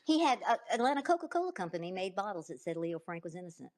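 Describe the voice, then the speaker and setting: A woman's voice: mid-range voice, big pitch swings, fast, darkish tone. A woman with a Southern US accent, a guest in an interview, telling events emphatically and often restarting her sentences. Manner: emphatic, restarts and repeats herself. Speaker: guest, author. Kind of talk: conversational interview storytelling.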